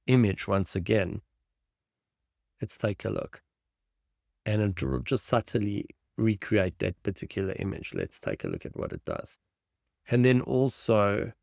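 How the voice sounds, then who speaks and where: A man's voice: fairly low pitch, gravelly, darkish tone, no room sound, clean studio sound. A man teaching a design tutorial over a screen share, thinking aloud with enthusiasm as he clicks through images. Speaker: design instructor.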